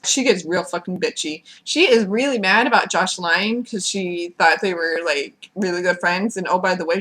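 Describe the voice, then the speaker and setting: A woman's voice: fairly high pitch, fairly bright tone. A woman giving a casual, sarcastic recap of a TV episode, swearing freely and mocking the cast. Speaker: recap vlogger.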